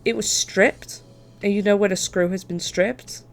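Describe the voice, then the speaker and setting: A young woman streamer spinning a story in loose, chatty talk. She curses casually and often laughs between sentences. Her voice sits in a middle pitch for a woman. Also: steady tone, unhurried, vocal fry.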